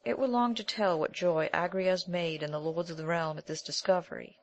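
A woman reads an old tale aloud as an audiobook narrator, with a measured, even delivery. Her voice sits on the lower side for a woman.

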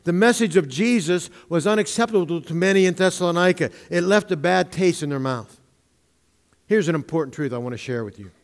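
High-voiced preaching man in reverb. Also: lively intonation. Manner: emphatic preaching, drawn-out stresses, asides of humor. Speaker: pastor. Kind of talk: sermon. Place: church sanctuary. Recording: long reverb of a church hall.

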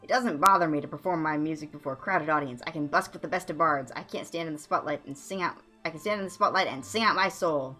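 A woman's voice: low voice, fast talker, hardly any pauses, bright, forceful tone, soft background music. A woman voicing a lovesick young male bard who gushes in flowery, theatrical lines. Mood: dreamy. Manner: gushing, theatrical, sea metaphors.

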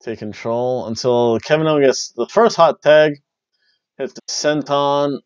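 A man hosting a wrestling review podcast, rambling and joking, jumping between loud bursts and mumbled asides. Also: mid-range voice, unhurried, clear, resonant tone, no room sound, lo-fi sound. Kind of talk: casual review chat.

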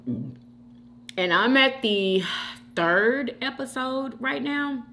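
Animated woman chatting to her viewers. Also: on the high side, extremely slow, creaky, a little hiss or hum. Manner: animated, keeps addressing viewers as "y'all". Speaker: mukbang channel host. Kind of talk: casual chat to viewers while eating.

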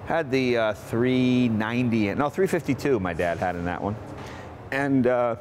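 A man in his sixties from Massachusetts, hosting and telling a casual, animated story about cars. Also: medium pitch, unhurried, slight background noise. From Massachusetts, USA. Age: 60s. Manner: chatty, animated, acts out family members' lines. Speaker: host.

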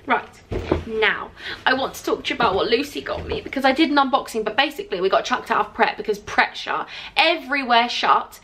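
A young woman from England vlogging to camera, chatty, gushing and excitable as she talks through things. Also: a little high, fast, slight background noise. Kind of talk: casual vlog chat to camera. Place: indoors at home.

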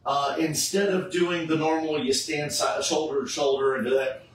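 This middle-aged man, who cosplays Superman for charity, has a fairly high voice and talks at a normal speed. He chats casually and animatedly, telling a story and acting out the people he quotes. The room is echoey, he's far from the mic, and there's faint background noise.

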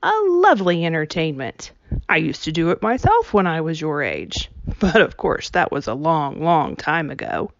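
A woman voicing a jaunty, smooth-talking stranger, a tall man with a light, rich way of speaking. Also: low-pitched, big pitch swings, normal speed, no room sound, muffled recording, exaggerated voice. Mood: genial.

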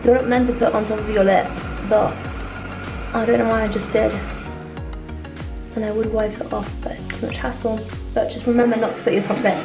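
A woman's voice: fairly high pitch, level tone, brisk, long pauses, over music. A young woman chatting casually to camera as a vlogger while getting ready at home, rambling along with plenty of "like" and "yeah". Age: young adult. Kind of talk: casual vlog chat.

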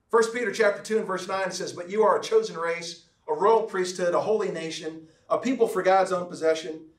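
A man preaching a sermon as pastor, emphatic and repetitive, slowing down to stress key words. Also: sits high, roomy sound, far from the mic. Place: church sanctuary.

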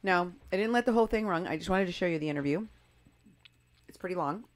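Low-voiced skeptical woman commentator. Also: quick pace. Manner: emphatic, skeptical, stressing key words. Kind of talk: commentary on clips and posts.

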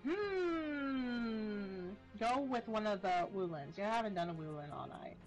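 A woman's voice: mid-range voice, expressive, slow, faint music behind. A woman chatting as a guest on a live stream, teasing and giggly. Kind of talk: casual chat on a live stream.

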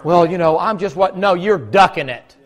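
A man preaching a fiery sermon as pastor. He swings from shouting to mocking mutters. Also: high voice, normal speed. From United States. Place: church sanctuary.

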